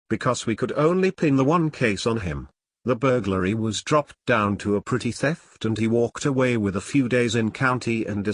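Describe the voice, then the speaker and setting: A man's voice: mid-range voice, no echo. Dry, matter-of-fact male story reader. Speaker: narrator. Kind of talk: reading online stories aloud.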